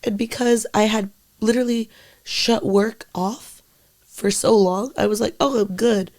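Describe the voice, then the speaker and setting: Young woman with vocal fry, halting. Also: medium pitch, fairly even intonation. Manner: halting, full of "like" and frequent swearing; quietly emotional, sometimes trailing into near-whispers. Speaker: podcast co-host. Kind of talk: casual podcast chat.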